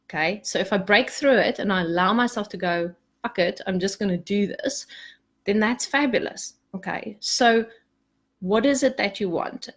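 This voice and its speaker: A woman leading a spiritual group in a chatty, animated way, often asking "okay?", later turning soft and hushed for a meditation. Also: medium pitch, moderate pace. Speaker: spiritual coach. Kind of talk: casual spiritual talk to a group.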